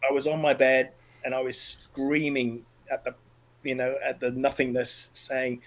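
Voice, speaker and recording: Speaking as a podcast guest, this middle-aged man from Australia recounts something personal with earnest emotion, often stopping and restarting. His pitch is medium and his tone level, captured on a rough recording.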